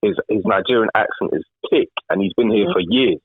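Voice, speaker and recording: Deep-voiced man on a tinny call. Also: fairly quick, breathy edge, no echo. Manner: repetitive, searching for words. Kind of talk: casual chat. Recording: tinny remote call line.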